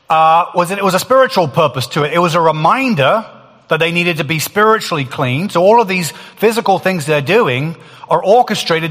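Man, preacher, conversational Bible teaching, somewhat high voice, long hall reverb. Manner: animated, laughs often, acts out quoted voices.

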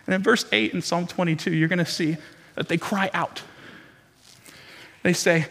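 A man's voice: high voice, steady tone, normal speed, creaky, pauses often, fairly bright tone. A man preaching a dramatic, impassioned sermon as pastor to his church. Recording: long reverb from a large hall.

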